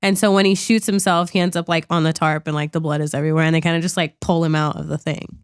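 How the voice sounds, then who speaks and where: A woman talks casually on a podcast, rambling with plenty of "like" and the odd swear. Her voice is smooth and clear, pitched on the low side. The sound is dry and close, with no room around it. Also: quick pace, no room sound. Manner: chatty, animated, peppered with "like" and swearing. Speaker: podcast co-host. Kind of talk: casual movie review chat.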